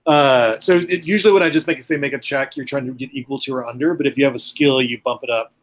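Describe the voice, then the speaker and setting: A man's voice: mid-range voice, fast. A man running a tabletop game as game master, rambling with many ums and uhs.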